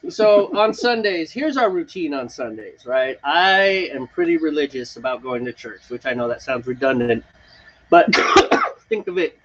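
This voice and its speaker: This homebrew show co-host broadcasts live from an outdoor front porch patio, chatting and rambling with plenty of laughs. His slightly high voice is expressive at a moderate pace. The recording is muffled, with slight background noise.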